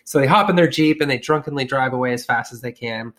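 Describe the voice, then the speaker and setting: A man's voice: mid-range voice, fast talker, fairly bright tone. Man telling a profane, slangy story. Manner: profane, slangy, acts out characters with shifting voices. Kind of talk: casual comedic storytelling.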